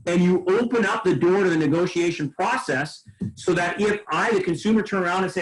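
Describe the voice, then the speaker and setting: A man leading a sales training session, coaching trainees through role-play with quick asides and repeated false starts. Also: high-pitched, poor audio.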